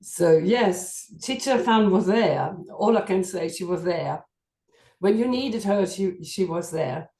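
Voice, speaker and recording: A woman giving a halting, emotional tribute at a memorial meeting, her voice shaky with feeling. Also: fairly low pitch, lively intonation, mellow, reverberant. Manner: halting, emotional, many fillers. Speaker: qigong student at a memorial meeting.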